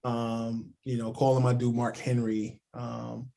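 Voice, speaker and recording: A man telling stories as a sports journalist guest on a casual podcast, animated and full of "like" and "yo". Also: medium pitch, unhurried, vocal fry.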